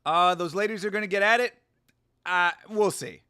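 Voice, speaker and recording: A man hosting a casual fight watch-along, excitable and jokey. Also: sits high, moderate pace, clean tone. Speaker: host.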